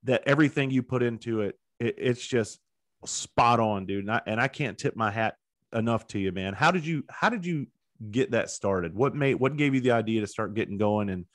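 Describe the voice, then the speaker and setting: A man's voice: mid-range voice, normal speed, no room sound, studio quality. A man hosting a podcast interview, talking bluntly and with heavy swearing as he tells personal stories. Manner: blunt, profane, emphatic storytelling. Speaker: podcast host. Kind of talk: casual interview chat.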